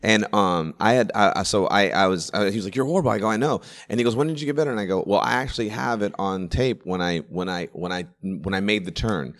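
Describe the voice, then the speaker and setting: A comedian in his forties in casual chat, telling rambling stories in quick bursts with restarts and swearing. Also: low voice, a bit bright. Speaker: stand-up comedian.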